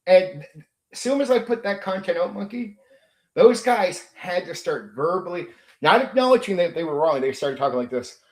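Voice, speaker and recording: A man's voice: high voice, expressive, normal speed. A man hosting his own channel, ranting unscripted in an aggrieved, repetitive, emphatic way, swearing and repeating his points. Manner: mimics rivals in sneering quoted voices. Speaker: channel host. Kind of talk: unscripted monologue rant.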